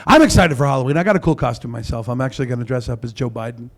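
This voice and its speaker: A man's voice: mid-range voice, animated, rapid-fire. A man doing a stand-up comedy set on a club stage into a handheld mic, brash and crude with self-mocking punchlines.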